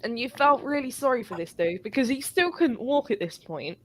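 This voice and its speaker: A woman telling an animated, sweary story in a casual live chat. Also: fairly high pitch, a little fast. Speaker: guest.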